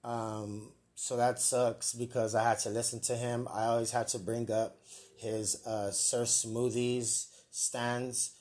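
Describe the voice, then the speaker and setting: Slow-talking podcast host. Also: male voice, medium pitch, little pitch movement, darkish tone. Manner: rambling, joking, swearing, self-mocking. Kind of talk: casual comedic live podcast. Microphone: earpiece and mic, live stream.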